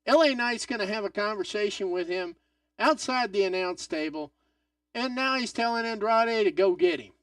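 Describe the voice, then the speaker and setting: Excitable man hosting a live watch-along. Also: high voice, normal speed, no room sound, studio quality, distant mic. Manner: excitable, swings between loud outbursts and mutters, swears. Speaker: live stream host.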